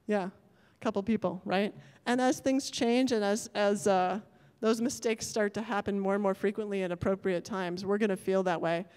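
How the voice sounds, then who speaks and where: A woman's voice: medium pitch, steady tone, moderate pace, few pauses, a little mellow, smooth. A woman addresses a conference audience from the stage, her voice carrying a long reverb through a large lecture hall. She talks in a thoughtful, searching way, restarting and reworking her sentences as she goes. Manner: thoughtful, self-correcting, apologetic about technical glitches. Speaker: conference speaker. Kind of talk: academic conference talk.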